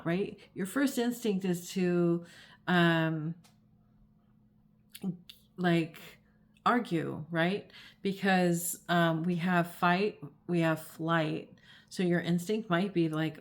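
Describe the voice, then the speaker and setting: A woman with a slightly low voice talks casually to her viewers about feelings and reactions. She fills her speech with "like" and "um". She slips into quick acted-out voices of other people as she explains. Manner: chatty, many fillers, acts out quoted voices. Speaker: astrology and tarot channel host. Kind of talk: casual explanatory talk to camera.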